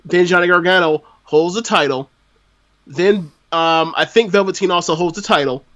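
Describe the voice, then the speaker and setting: A man's voice: sits high, normal speed, fairly bright tone, dull audio. A man from Florida, a podcast guest, chatting casually and talking around his points with lots of fillers. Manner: talkative, full of fillers. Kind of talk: casual wrestling review chat.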